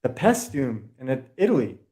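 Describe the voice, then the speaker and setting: A man's voice: mid-range voice, big pitch swings, moderate pace, a little mellow. A man with a Boston accent, a podcast guest lecturing in a rambling, profane way during a casual video call chat. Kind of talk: casual conspiracy-history chat.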